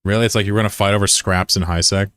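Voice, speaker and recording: A man's voice: lowish voice, fairly even intonation, fast, a bit bright, no room sound, studio quality. A man streaming a game and chatting casually with his viewers, rambling and joking at his own expense. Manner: rambling and digressive, with many restarts; joking, self-deprecating.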